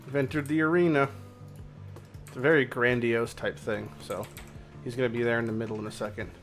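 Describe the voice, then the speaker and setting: A man hosting a gaming channel, giving casual gameplay commentary in a relaxed way with filler words. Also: mid-range voice, brisk, faint music behind.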